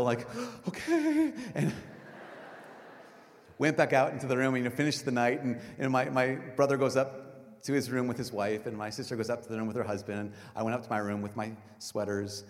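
A middle-aged man, a priest, giving a sermon with animated storytelling, acting out voices and swinging from loud to hushed. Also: mid-range voice. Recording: reverberant hall recording.

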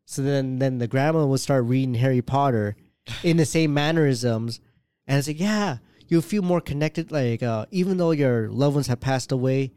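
A man's voice: mid-range voice, normal speed, mellow, smooth, no echo. Rambling profane man on a podcast. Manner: rambling, profane, lots of restarts. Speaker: podcast co-host. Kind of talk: casual crude banter.

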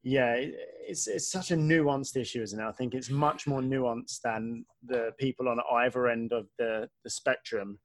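A man's voice: medium pitch, fairly even intonation, normal speed, few pauses, dry recording. A man in his early thirties talks thoughtfully in a casual podcast chat, hedging often and filling his speech with "like". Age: 30s. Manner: thoughtful, hedging, uses many "like"s.

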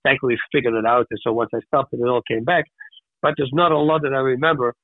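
Male guest with an animated storytelling manner, tinny phone-like audio with no room sound. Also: mid-range voice, quick pace, dry recording. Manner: animated storyteller who acts out voices. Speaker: podcast guest. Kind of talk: casual storytelling.

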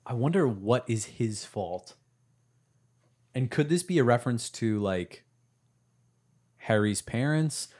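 A man's voice: mid-range voice, animated, slow pace, long pauses, a little mellow. A man co-hosting a casual book discussion podcast, thinking aloud through his theories. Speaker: podcast co-host.

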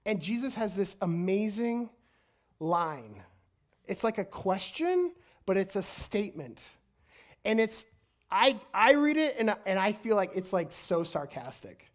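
Energetic woman preaching a sermon. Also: mid-range voice, a little slow. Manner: energetic, stumbles and repeats words.

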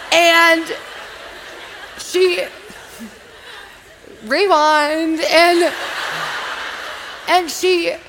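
A woman's voice: high voice, a bit bright, in a large hall, low-quality recording. A woman giving an earnest, emotional personal testimony at a live faith event, talking in a casual storytelling way. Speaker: guest speaker.

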